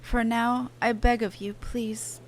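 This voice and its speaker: An actress voicing a mysterious, earnest young woman in a video game cutscene, speaking in a halting, pleading way. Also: a little high, little pitch movement, a little hiss or hum. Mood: urgent pleading. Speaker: game character.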